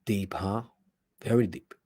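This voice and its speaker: With a fairly low pitch, a steady tone and a measured pace, this personal development podcast host gives an emphatic pep talk. He alternates between loud outbursts and quiet asides while firing rhetorical questions at the listener.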